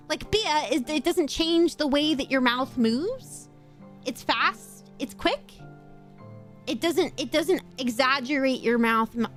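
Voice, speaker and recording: Young Australian woman streamer, high voice, rambling chatty talk with casual swearing, faint music underneath. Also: a bit bright. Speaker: VTuber streamer. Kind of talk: casual chat while gaming, reading chat aloud. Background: faint background music.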